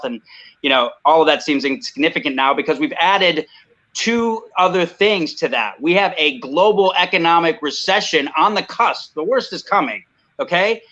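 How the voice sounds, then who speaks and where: Heated high-voiced man on a video call. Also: pushed and bright, lo-fi sound. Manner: heated, emphatic, repeats "I mean" and "you know". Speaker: guest. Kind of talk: impassioned video call talk.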